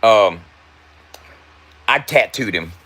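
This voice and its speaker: A man's voice: lowish voice, animated, extremely slow, sharp tone, slightly rough. A man, a tattoo artist and rapper, telling a loose, profane story to his viewers, laughing often, repeating and stumbling over his words, stoned.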